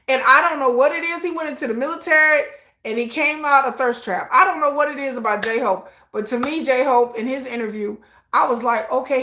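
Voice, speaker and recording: A woman's voice: a little high, reverberant. A woman hosting a casual livestream, talking expressively, swearing freely and answering viewer comments. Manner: animated, expressive, swears freely, frequent "I'm like" asides. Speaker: livestream host. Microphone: streaming setup.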